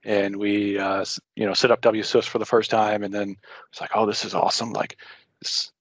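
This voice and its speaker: A man's voice: on the low side, level tone, moderate pace, no echo, muffled recording. A man giving a casual technical talk to a user group over a video call, rambling and self-interrupting with frequent jokes.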